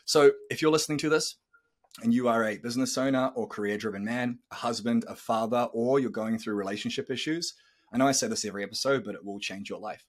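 A man's voice: mid-range voice, fast. A man in his thirties hosting a podcast, telling a personal story in a candid, earnest way and swearing casually. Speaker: podcast host.

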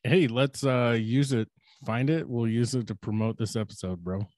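A man's voice: medium pitch, normal speed, darkish tone, no room sound, studio quality. A young man co-hosting a casual podcast, rambling and crude, mocking himself and laughing often. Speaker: podcast co-host.

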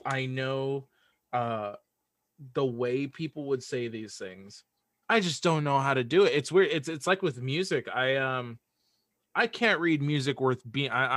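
Guy guesting on a podcast, kinda hesitant, stumbles a lot, bright tense tone. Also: a little high, no room sound, clean studio sound. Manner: hesitant, many restarts and fillers. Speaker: guest, audio drama writer. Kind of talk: casual chat.

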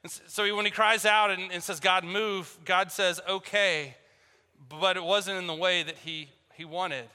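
Bright-voiced pastor in a reverberant hall. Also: male voice, high-pitched, fairly even intonation, normal speed, smooth. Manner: storytelling, joking, acts out both sides of phone calls. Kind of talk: sermon. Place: church hall.

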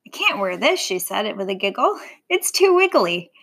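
A woman's voice: mid-range voice, big pitch swings, fairly quick, gravelly, bright, forceful tone, heavily acted. A woman voicing a small, fussy little girl letter in a read-aloud storybook, with a bouncy, childlike manner.

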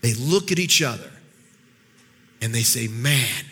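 A man giving a sermon as a guest speaker, telling a Bible story in an animated way, acting out the characters' voices and often repeating words as he goes. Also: medium pitch, measured pace, breathy edge, long reverb tail.

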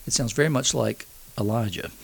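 A man's voice: medium pitch, fairly quick, vocal fry, husky. A man preaching a conversational sermon, earnestly retelling a scripture story and acting out its quotes.

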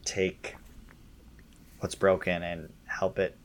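A low-pitched man chats casually as a podcast co-host. He backs up his partner warmly in his words and trails through fillers while he gathers his thoughts. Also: little pitch movement. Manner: affirming, halting with fillers. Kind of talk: casual conversation.

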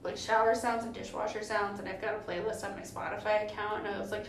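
A woman's voice: mid-range voice, little pitch movement, fast, vocal fry, a little hiss or hum. A playful, giggly woman, co-hosting a chat podcast and slipping into silly voices. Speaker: podcast co-host. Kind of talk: casual chat. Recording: roomy, distant mic, faint ambience.

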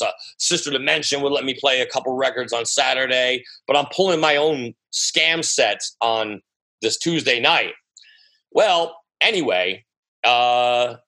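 American man, guest DJ, New sound, bright voice, animated storyteller who swears freely, casual interview telling. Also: mid-range voice, low-quality recording. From United States. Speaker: guest DJ and producer.

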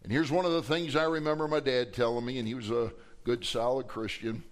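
A middle-aged male pastor preaching a sermon at a mid pitch. He talks in a folksy, chatty way and his voice leaps higher when he voices cries to God. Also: fairly even intonation, brisk. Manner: folksy and conversational, acting out quoted prayers with rising pitch.

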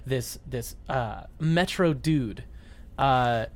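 A man's voice: medium pitch, drawn-out words. A man co-hosting a podcast, recapping a movie in casual chat, giggly and rambling with many restarts. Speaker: podcast co-host.

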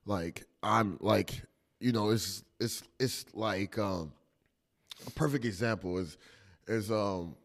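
A man's voice: on the low side, takes it slowly. A young man, a teacher, chatting casually on a podcast, telling loose stories, acting out quotes and laughing often. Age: young adult. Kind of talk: casual chat.

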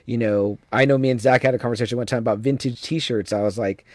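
A man hosting a podcast in a relaxed, casual way, reading viewer comments aloud between questions. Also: mid-range voice, fast, dry recording. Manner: laid-back, reads viewer chat aloud, many fillers. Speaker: podcast host.

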